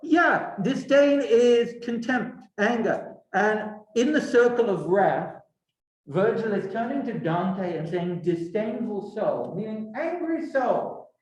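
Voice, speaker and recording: A high-pitched man gives a classroom lecture. He quizzes his students and slips in wry asides. The room rings with echo around his voice. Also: takes it slowly. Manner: lively, questioning students. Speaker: teacher. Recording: echoey room.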